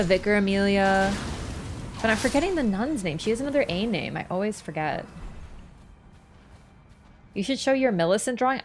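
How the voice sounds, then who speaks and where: A young woman streaming a game, chatting casually and answering her chat in a playful way. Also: lowish voice.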